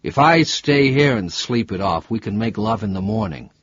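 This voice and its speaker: A man's voice: lowish voice, animated, moderate pace, a bit bright, husky, no room sound. A man doing a brash drunk American. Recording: dull lo-fi dry recording.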